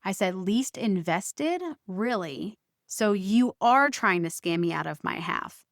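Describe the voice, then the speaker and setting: Woman host venting a family story, middle pitch, quoting back and forth, dead dry sound. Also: lively intonation, slow pace, no room sound. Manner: recounts arguments, quoting both sides with emphatic stresses. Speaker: podcast host. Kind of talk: personal storytelling monologue.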